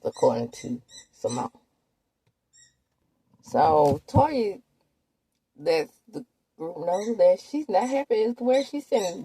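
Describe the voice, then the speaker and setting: Woman, husky voice, animated pitch, gossipy casual recap host. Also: no echo. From Mississippi, USA. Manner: chatty, gossipy, talks straight to viewers. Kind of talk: casual reality-TV recap commentary.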